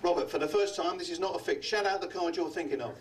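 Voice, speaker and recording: An older comedy magician from London works the room, teasing guests with quick gags. His voice sits high for a man. He is picked up from a distance in a hotel function room. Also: slight background noise. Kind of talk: live club comedy act.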